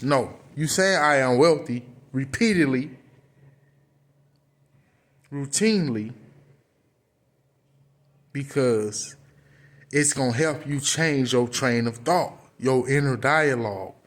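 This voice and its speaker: A man's voice: medium pitch, takes it slowly, long pauses, fairly bright tone. A man gives a casual motivational talk, earnest and repetitive, restarting phrases as he goes. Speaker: motivational speaker.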